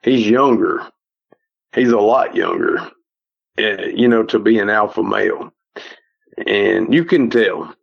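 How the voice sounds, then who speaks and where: A man's voice: on the low side, slow, creaky, long pauses, dull audio. A middle-aged man with a Southern US accent, telling stories as a podcast guest in a folksy, rambling way with frequent restarts. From American South. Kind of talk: casual storytelling.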